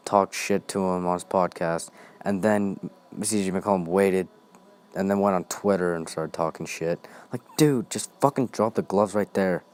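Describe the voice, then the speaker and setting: A man's voice: low-pitched, smooth. A young man hosting a ranting monologue, heated and blunt, swearing constantly.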